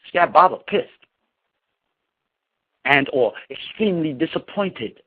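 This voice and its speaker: A man's voice: a little high, animated, normal speed, husky. Scolding preacher man on a tinny line. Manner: emphatic, scolding, slangy with cursing. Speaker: spiritual leader. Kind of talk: preaching address to followers. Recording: tinny phone-like sound.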